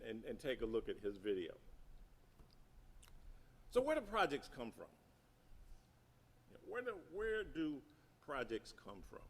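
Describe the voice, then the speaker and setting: At a seminary symposium, a middle-aged man presents an emphatic teaching talk on church projects, quizzing listeners and reiterating key ideas. His voice sits on the high side and is a little mellow.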